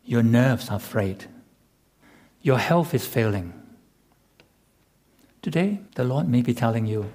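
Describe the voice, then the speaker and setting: A man preaching a sermon as pastor, measured and emphatic with rhetorical repetition. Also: mid-range voice, animated, a little mellow.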